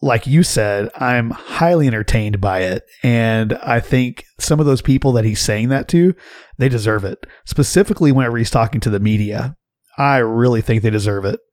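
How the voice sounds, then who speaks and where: A man co-hosting a casual political chat, agreeable and quick to laugh. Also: fairly low pitch, a little mellow, no room sound, studio quality. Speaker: podcast co-host.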